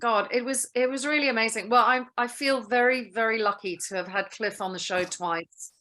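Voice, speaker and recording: A woman, a guest actress, telling stories in a lively, chatty way in a casual interview. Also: on the high side, fairly quick.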